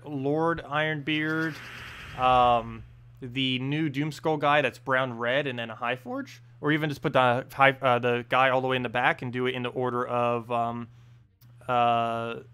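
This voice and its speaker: Streaming a game live, a young man from the United States with a New Jersey accent rambles casually, filling his talk with ums and uhs and laughing at himself. His voice is medium-pitched, smooth, and a bit bright, with fairly even intonation and a moderate pace.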